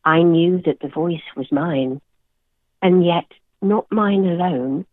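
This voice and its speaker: A woman, a therapist and author, speaking as an interview guest and reading her own poem in a gentle, measured way. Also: on the low side, no room sound, narrow, tinny audio.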